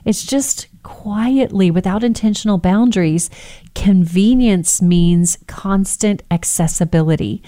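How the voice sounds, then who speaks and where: A woman hosting a faith-based teaching talk, speaking in a conversational, animated way and slipping into little acted-out voices. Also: medium pitch, measured pace.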